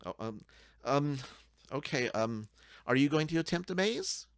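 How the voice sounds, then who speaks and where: A man's voice: fairly high pitch, expressive, a little slow, clear, resonant tone, pitched above the performer's own voice. A man voicing a small, timid male goblin who stammers and frets. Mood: hesitant. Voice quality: stammering, anxious.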